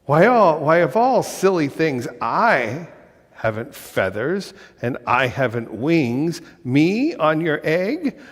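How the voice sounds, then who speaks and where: A man reading a storybook aloud, voicing a gentle, faithful, huge male elephant in an earnest, bewildered way. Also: fairly high pitch, big pitch swings, slow, in a large hall, exaggerated voice.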